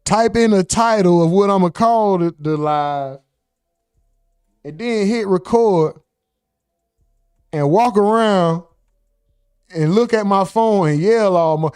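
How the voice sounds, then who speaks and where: A man with a fairly high voice riffs through casual reaction commentary, animated and mocking. The sound is close and dry, with no room around it. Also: slow, pauses often, clean tone, dry recording, soft background music. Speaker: host.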